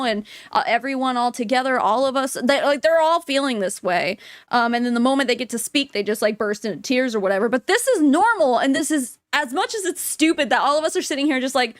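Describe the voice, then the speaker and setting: A woman's voice: sits high, lively intonation, normal speed, no room sound, studio quality. A young woman giving blunt, sarcastic reaction commentary, laughing often as she talks. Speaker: commentary host.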